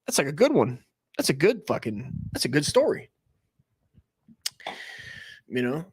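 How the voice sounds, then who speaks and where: A man's voice: a little high, huge pitch swings, measured pace, slightly rough, no echo, clean studio sound. A man in his forties doing a crude, rambling comedic monologue, trailing off and restarting as he goes. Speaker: comedy podcast host.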